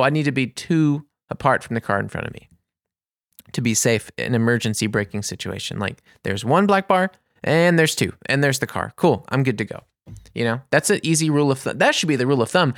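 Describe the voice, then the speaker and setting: A young man talks in a loose, rambling monologue, full of "you know" and restarts, his pitch jumping up when he gets worked up. His voice sits at an average pitch and sounds close and dry, with no room around it. He speaks casually, like someone telling a story to listeners. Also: no echo. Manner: rambling, animated, frequent fillers.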